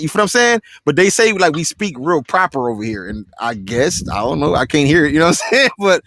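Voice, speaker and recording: La guy hosting a chill interview, talks fast and slangy, dry close sound. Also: high voice, animated, fairly bright tone, no echo. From South Central Los Angeles. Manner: laid-back slangy talk, keeps asking "you feel what I'm saying". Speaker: interview host. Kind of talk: casual interview chat.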